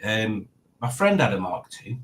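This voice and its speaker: A man's voice: lowish voice, very animated, measured pace, a bit bright, slight background noise, rough recording. A man hosting a casual live stream, chatting and reading out viewer comments with frequent laughs. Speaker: livestream host.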